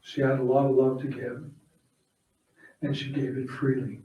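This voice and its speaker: A man's voice: medium pitch, little pitch movement, normal speed, muffled recording. A man giving a heartfelt eulogy at a funeral service, telling plain personal stories and leading a prayer. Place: funeral home chapel. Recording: echoey room from far off.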